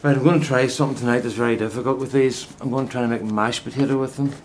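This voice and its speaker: Working outside in a vegetable plot, an older gardening vlogger chats to the camera in a friendly, wandering way, often restarting and going off on asides. He talks rapid-fire in a steady, medium-pitched voice, with a little hiss or hum on the recording.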